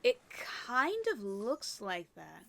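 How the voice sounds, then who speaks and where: A woman's voice: medium pitch, very animated, slow, creaky, a bit bright. A woman giving casual gameplay commentary, chatty and often dropping into murmured, whispered asides. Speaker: let's play creator.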